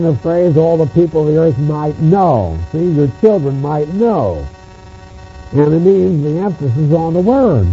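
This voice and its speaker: Guy preaching a sermon, high lively voice, repeats stuff for emphasis, muffled lo-fi tape w hum. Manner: emphatic, repeats phrases for stress. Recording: muffled lo-fi recording with mains hum.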